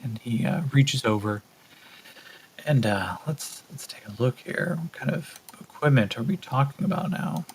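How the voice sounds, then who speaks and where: A man narrating a solo tabletop role-playing game as game master, thinking aloud with relaxed fillers. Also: medium pitch, normal speed, slight background noise, rough recording.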